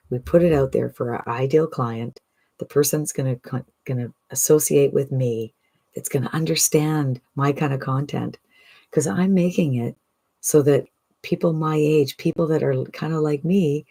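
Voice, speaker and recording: A woman in her sixties giving an enthusiastic, persuasive direct-to-camera sales pitch as an online business coach, often asking "right?". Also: mellow, breathy edge. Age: 60s.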